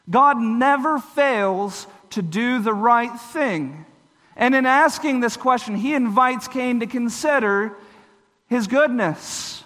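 Bright-voiced preacher in an echoing hall. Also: male voice, very high voice. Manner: earnest, explanatory, with brief voiced asides. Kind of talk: sermon.

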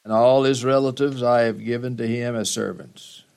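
A man's voice: mid-range voice, steady tone, moderate pace, gravelly, a little mellow, clean tone, close to an everyday voice. A preacher doing a grave old blind father. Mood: sorrowful.

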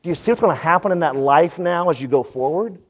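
A man's voice: fairly high pitch, lively intonation. Preaching man in a reverberant hall. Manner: conversational preaching with quick asides. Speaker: pastor. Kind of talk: sermon.

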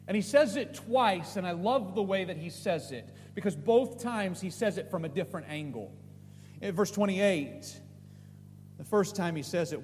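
A man with a high voice preaches a sermon, pressing his points with emphatic questions that climb in pitch. His voice rings in a reverberant church hall. A faint hum sits underneath. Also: darkish tone. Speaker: pastor.

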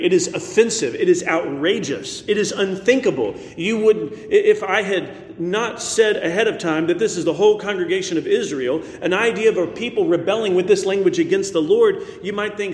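Emphatic preacher man in an echoing hall. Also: sits high. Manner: measured, emphatic, slows down to stress words. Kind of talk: expository sermon. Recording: roomy hall reverb.

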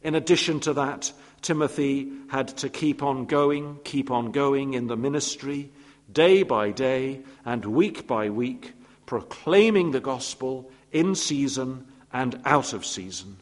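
A man's voice: medium pitch, lively intonation, unhurried. Guy preaching a sermon, storytelling with little voiced asides, big echoey church hall. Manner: warm storytelling with playful asides and voiced quotes. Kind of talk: expository sermon. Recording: long reverb of a church hall.

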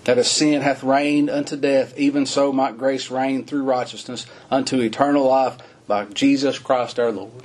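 A man preaching a sermon, reading scripture and explaining it in plain folksy talk, rising to fervent emphasis and slowing on key words. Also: steady tone. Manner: rises to high, fervent emphasis and slows on key phrases; reads scripture in old-fashioned wording, then explains in plain folksy talk.

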